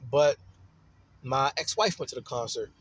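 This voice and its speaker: A man's voice: mid-range voice, expressive, normal speed, fairly bright tone, a little hiss or hum. A man from Baltimore with a Baltimore accent, telling a rambling, profane personal story in a casual monologue. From Baltimore, USA.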